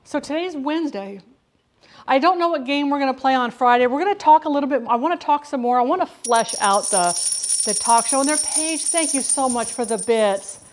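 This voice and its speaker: A middle-aged woman's high-pitched, animated voice moves a little fast as she cooks in her kitchen and chats with live-stream viewers. She rambles along, often restarting what she's saying.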